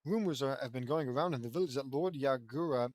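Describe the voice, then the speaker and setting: A man's voice: mid-range voice, fast, darkish tone, no echo, studio quality, lightly acted. A man reading the lines of a stern adult male ninja in a fan fiction, in a plain, matter-of-fact way. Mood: calm.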